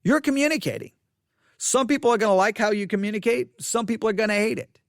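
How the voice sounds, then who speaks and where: A man hosting a solo podcast, talking off the cuff in an animated, repetitive way with many restarts. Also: sits high, fast, no echo, clean studio sound. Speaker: podcast host. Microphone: studio microphone.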